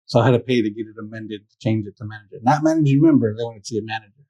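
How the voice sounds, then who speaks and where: A man's voice: on the low side, racing, warm tone, dry recording, dull audio. A man hosting a podcast interview, who backs up his guest and sums up the advice for listeners. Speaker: podcast host.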